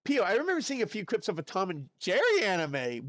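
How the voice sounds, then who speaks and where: A man streaming live, chatting casually and reacting excitedly to chat messages. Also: very high voice, brisk, hardly any pauses, dry recording, studio quality. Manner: chatty, excitable, lots of fillers and exclamations.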